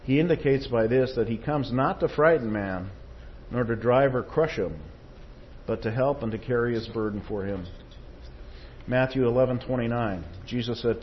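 A man's voice: mid-range voice, moderate pace, lo-fi sound, a little hiss or hum. Man preaching an emphatic sermon. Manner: emphatic, rising in force on quotations; tag questions to the congregation.

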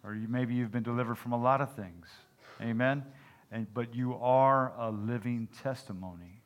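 A male pastor delivers a folksy sermon in a mid-pitched voice. He weaves jokes into his preaching and keeps checking in with the congregation with "Amen?" and "okay?". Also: normal speed.

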